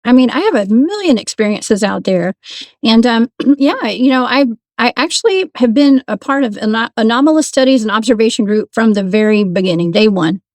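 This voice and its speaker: A woman, a paranormal investigator telling her stories as a guest in a casual, animated way. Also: a little high, a little fast, dry recording. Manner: animated, laughs often, restarts sentences. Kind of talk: casual storytelling.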